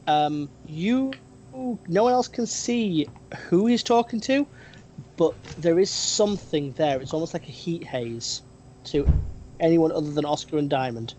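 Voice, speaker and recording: Game master, slow unhurried narration, hesitant, faint rumble. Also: expressive, darkish tone, poor audio. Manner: hesitant, many ums and restarts.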